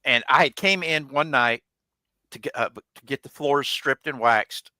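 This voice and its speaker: A man's voice: medium pitch, measured pace, pushed and bright, smooth, no room sound, low-quality recording. A man hosting a casual live chat, telling a long personal story in plain, salty language and acting out what others said. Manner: colloquial, swears freely, acts out quoted people. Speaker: podcast host.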